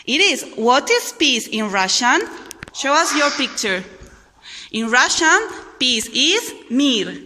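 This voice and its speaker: High-voiced woman teacher, slow and bright. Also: sing-song. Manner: slow, clear, encouraging. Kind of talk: classroom teaching, prompting a group to repeat. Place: school hall or classroom. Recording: echoey room with faint noise.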